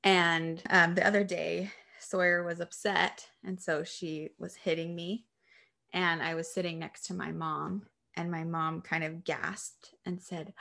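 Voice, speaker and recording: A woman's voice: on the low side, level tone, unhurried, gravelly, sharp tone. A woman co-hosting a podcast, telling family stories in a chatty way with lots of fillers. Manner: chatty storytelling with frequent fillers. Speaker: podcast co-host. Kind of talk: casual chat.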